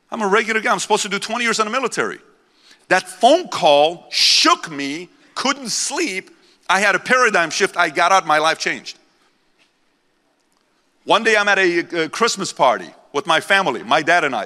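A man's voice: high voice, lively intonation, normal speed, pushed and bright. A man in his forties giving a live motivational speech to a crowd in a convention center, intense and preachy, repeating lines for emphasis. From born in Iran, raised in the United States. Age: 40s. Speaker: motivational keynote speaker. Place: large convention center hall. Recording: long hall reverb from a large venue.

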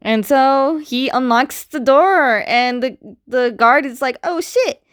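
Woman, high-pitched, casual story recap, chatty asides, dry close sound. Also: smooth, dry recording. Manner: chatty, retells scenes with lots of "like" and quick asides. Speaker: host recapping a comic book.

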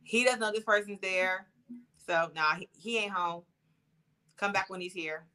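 A woman co-hosting a casual chat podcast, relaxed and talkative with lots of fillers. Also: mid-range voice, a little slow. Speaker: podcast co-host.

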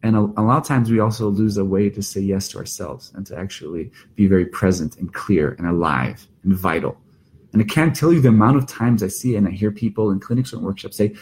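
A man's voice: lowish voice, animated, fairly quick, a little mellow, slight background noise. A middle-aged man, a therapist speaking in an earnest, reflective podcast monologue with emphatic restarts. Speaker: therapist and workshop leader.

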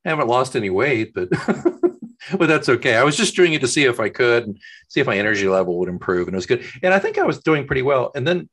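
Bright-voiced man telling a lively story. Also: medium pitch, quick pace, slightly rough. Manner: animated storyteller, acts out voices in his anecdotes. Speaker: podcast co-host. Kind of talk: casual chat. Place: home office.

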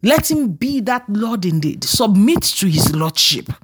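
A woman pastor preaching a fervent sermon that rises to shouted declarations. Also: medium pitch, animated, a little slow, husky.

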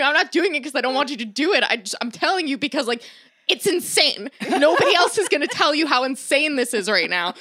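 A woman's voice: high voice, dry recording, clean studio sound. A young woman, a daughter, chatting casually and animatedly acting out quotes. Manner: animated, fast, acts out quotes. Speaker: daughter in a family chat. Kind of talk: casual chat.

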